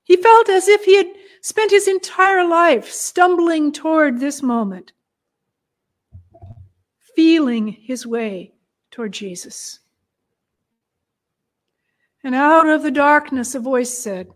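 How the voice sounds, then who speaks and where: A woman telling a Bible story dramatically, with hushed moments and long pauses. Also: high-pitched.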